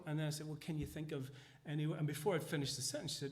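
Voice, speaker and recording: Pastor telling a story. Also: male voice, fairly high pitch, fast, few pauses. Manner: storytelling, acts out dialogue, frequent restarts. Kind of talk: sermon with personal story. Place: church.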